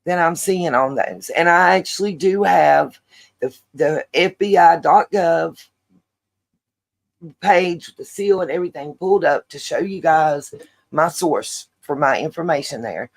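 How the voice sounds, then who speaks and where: Middle-aged woman, livestream host; gravelly, rambling, chatty, lots of fillers. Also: on the low side, poor audio. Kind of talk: casual livestream chat.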